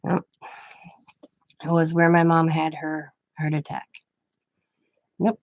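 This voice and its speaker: A woman's voice: low voice, little pitch movement, slow, a little mellow, no echo. A grandmother who hosts a craft channel, telling a personal story in a rambling, chatty way and quoting others in her own voice. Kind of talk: casual storytelling.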